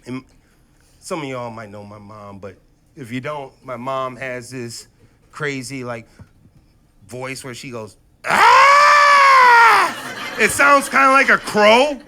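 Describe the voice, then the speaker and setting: A man in his thirties doing a profane stand-up comedy set, swinging between loud outbursts and low, muttered asides. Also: lively intonation, a little slow, slight background noise. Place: comedy stage before a live audience.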